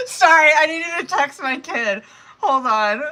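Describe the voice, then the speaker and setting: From her home kitchen, a woman in her thirties or forties chats casually on a live tarot stream, reading messages aloud and laughing often. She is blunt and profane. Her voice is high, pushed and bright.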